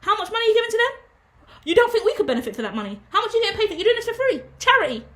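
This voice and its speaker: A woman's voice: very high-pitched, big pitch swings, racing, a bit bright, pitched above the performer's own voice, full character voice. A woman voicing a scornful, doubting man who nags about money with mocking, incredulous questions.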